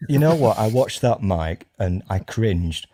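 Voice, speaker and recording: A man's voice: lowish voice, expressive, unhurried, dark tone. A man on a casual panel chat, teasing and playful. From United Kingdom. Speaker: panel guest.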